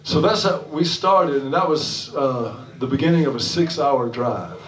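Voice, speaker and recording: A man's voice: medium pitch, animated, measured pace. Rambling man chatting from the stage. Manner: rambling, swearing, chuckling storyteller. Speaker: singer-songwriter and bandleader. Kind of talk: between-song stage banter. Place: restaurant music venue on stage. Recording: echoey live room from far off.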